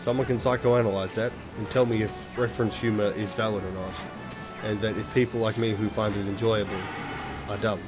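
A man's voice: on the low side, steady tone, brisk. A man playing a video game and commenting in a rambling, self-deprecating way, swearing often. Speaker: let's play gamer. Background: video game music.

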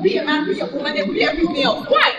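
A woman with a Nigerian accent playing a scornful wife who shouts insults at her jobless husband in public, in a movie. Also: high-pitched, big pitch swings, fast talker, a loud crowd, very noisy. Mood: scolding. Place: outdoors in public.

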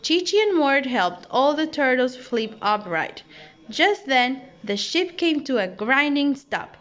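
A woman, a primary school teacher, reading a story aloud for story time in a slow, animated way. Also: high voice, faint music behind. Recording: dull lo-fi audio.

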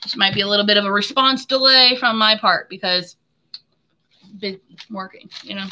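A woman's voice: medium pitch, normal speed, pushed and bright, a little hiss or hum. A woman hosting a live giveaway stream of her handmade soaps. She talks in a chatty, friendly way, calls viewers hon and my friend, and laughs often. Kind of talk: casual live stream chat.

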